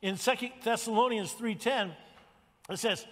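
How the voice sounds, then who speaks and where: A man's voice: high-pitched, moderate pace. Older male pastor preaching in a hall. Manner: animated storytelling, acts out quotes. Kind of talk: sermon.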